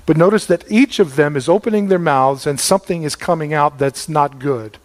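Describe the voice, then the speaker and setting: A man's voice: fairly high pitch, normal speed, long reverb tail. A middle-aged man preaching a sermon, folksy and storytelling, repeating words for emphasis. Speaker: pastor.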